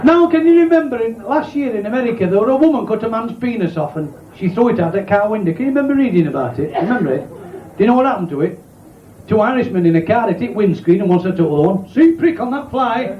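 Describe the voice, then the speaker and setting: A Yorkshire stand-up comedian with a high voice tells crude, cheeky jokes and laughs along with them. The recording is dull and lo-fi, from an echoey room with a faint crowd behind him. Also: male voice, lively intonation, fast, noisy background.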